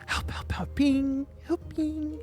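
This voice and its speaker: A man voicing a shy, excited four-year-old gnome girl, with breathy gasps and small drawn-out words. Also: extremely high pitch, soft background music, voice pushed up. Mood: eager.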